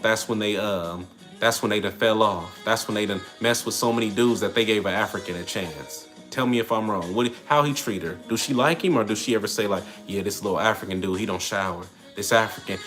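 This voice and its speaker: A man in his thirties hosts a casual livestream, rambling through viewer comments and often tagging his lines with "you get me?" His voice is fairly low and a bit bright.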